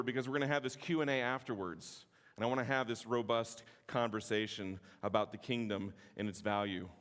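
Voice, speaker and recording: A man, teaching at a conference in a passionate, sometimes forceful way with joking asides. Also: medium pitch. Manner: passionate, can sound forceful; self-deprecating joking asides. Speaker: conference speaker. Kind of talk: teaching sermon. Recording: long hall reverb.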